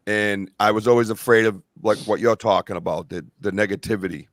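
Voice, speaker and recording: A man's voice: on the low side, steady tone, fairly quick, few pauses, no room sound. Middle-aged male podcast host, heartfelt and emotional, dry close recording. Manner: emotional, choked up, earnest. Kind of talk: casual podcast chat.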